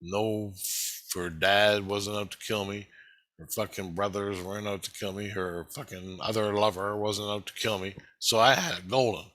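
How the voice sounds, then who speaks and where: A man with a bright, forceful voice rambles through a personal video monologue. He swears constantly and gets heated as he goes. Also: fairly low pitch, steady tone, normal speed. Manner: heavily profane, heated and rambling. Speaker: vlogger.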